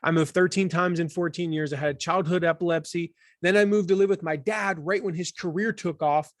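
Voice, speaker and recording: A man in his forties from the Southern United States, talking as an author in an interview, animated and full of restarts. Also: sits high, a little fast, dry recording, studio quality. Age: 40s. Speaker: author and guest. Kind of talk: conversational interview.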